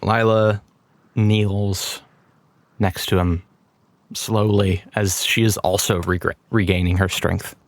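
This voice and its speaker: Male game master, slow measured narration, lowish voice. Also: level tone, no room sound.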